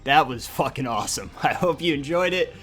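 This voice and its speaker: Excitable, foul-mouthed gaming commentator. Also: male voice, medium pitch, fairly quick, husky, soft background music. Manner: crude, excitable, joking, swings from mutter to shouting. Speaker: gaming YouTuber. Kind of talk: profane gameplay commentary.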